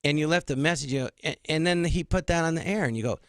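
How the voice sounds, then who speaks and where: A man's voice: a little high, fast talker, no room sound. A man guesting as a comedian on a radio studio show, telling stories indignantly and acting out the exchanges he describes. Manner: indignant, rambling, acts out quoted exchanges. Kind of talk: animated storytelling in a studio interview.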